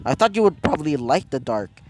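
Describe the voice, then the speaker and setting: A man's voice: a little high, sing-song, fairly quick, noisy background. A man voicing a flustered teenage boy at hero school, wary and awkward, in a fan story.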